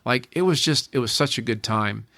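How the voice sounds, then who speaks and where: A man's voice: medium pitch, normal speed, vocal fry, a bit bright, dry recording, clean studio sound. A man in his forties, a podcast guest, telling a personal story in an earnest way, often repeating and restarting his phrases.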